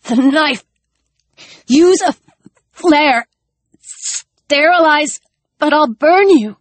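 A woman voicing a wounded, feverish young man who pleads in halting, breathless, stammering bursts. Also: fairly high pitch, expressive, slightly rough, no room sound, pitched above the performer's own voice, exaggerated voice. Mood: desperate.

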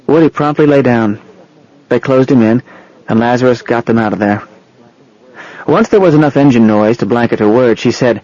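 A man reading a novel aloud in steady, scripted narration. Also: mid-range voice, normal speed, pauses often, highs cut off. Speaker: audiobook narrator.

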